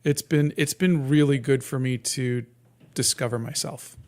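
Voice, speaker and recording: A man in his fifties, a guest cartoonist talking casually in an interview, in a soft, sleepy-sounding voice with many halting restarts and fillers. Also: medium pitch, fairly even intonation. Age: 50s.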